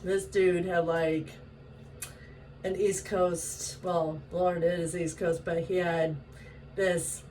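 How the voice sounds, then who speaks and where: A woman from Washington state telling a story in a casual, animated way, laughing often and acting out the voices she quotes. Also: lowish voice, slow pace. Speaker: vlogger. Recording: distant mic with faint ambient noise.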